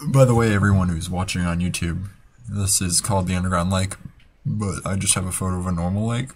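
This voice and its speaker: A man's voice: low voice, fairly even intonation, a little fast, a little hiss or hum. A young man in college hosting a casual podcast, talking in a laid-back, rambling way. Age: young adult. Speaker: podcast host. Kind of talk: casual chat. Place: college dorm room.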